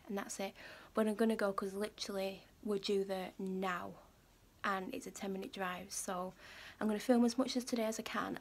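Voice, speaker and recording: Chatty woman vlogger. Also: mid-range voice. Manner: chatty, rambling, lots of fillers and retold dialogue. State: out of breath. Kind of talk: casual vlog chat to camera.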